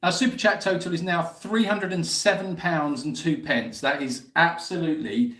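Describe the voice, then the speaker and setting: A man's voice: on the high side, normal speed, a bit bright. A man hosting a casual live Q&A stream, chatting, teasing and reading out viewer messages. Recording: roomy echo.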